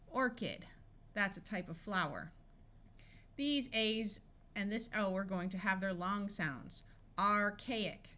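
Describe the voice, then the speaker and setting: Bright-voiced woman teaching phonics. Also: mid-range voice. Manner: slow, deliberate word-by-word reading. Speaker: phonics tutor. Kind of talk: scripted phonics lesson.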